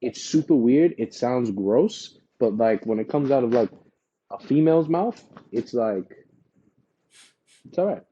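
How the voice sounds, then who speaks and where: A man's voice: mid-range voice, expressive, a little slow, dark tone, highs cut off, a little hiss or hum. A man co-hosting a podcast, talking casually in a rambling way with lots of fillers and restarts. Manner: laid-back, rambling with many fillers and restarts. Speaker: podcast co-host. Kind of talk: casual chat.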